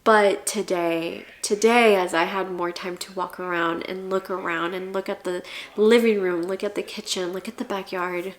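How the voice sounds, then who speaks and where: A woman's voice: medium pitch, fairly even intonation, normal speed. A young woman talking to the camera in a casual home-buying vlog, earnest and rambling, at times tearful. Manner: earnest, rambling, restarts often. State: tearful, emotional. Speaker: vlogger.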